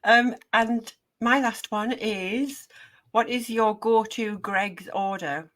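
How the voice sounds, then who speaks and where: A woman's voice: fairly high pitch, takes it slowly. A woman co-hosting an interview, chatting casually and laughing often. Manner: warm, giggly, encouraging. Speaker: podcast co-host.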